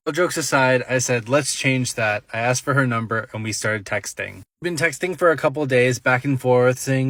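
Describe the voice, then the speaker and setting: A man's voice: medium pitch, a little slow, fairly bright tone, dry recording. A young man telling a comic dating story, playful and mock-dramatic in his quotes.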